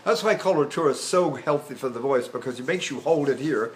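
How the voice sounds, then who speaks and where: A man's voice: mid-range voice, lively intonation, quick pace. An older man teaching vocal technique in a lecture, demonstrating by speaking phrases in several languages. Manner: demonstrative, shifts into other languages to illustrate placement.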